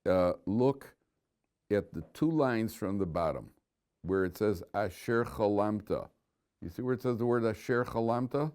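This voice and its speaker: Speaking a little slowly in a fairly low, darkish voice, a man teaches an informal Torah lesson. He tells stories chattily and chuckles at his own punchlines.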